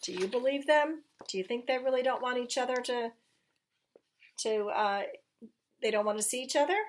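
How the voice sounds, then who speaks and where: A woman reading a picture book aloud to children, gently pausing to ask her listeners questions. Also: a little high, a little hiss or hum.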